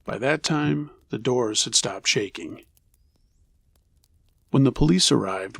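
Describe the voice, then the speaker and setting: Guy reading creepy true stories, low pitched rough edge, steady and unhurried. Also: no echo. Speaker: narrator.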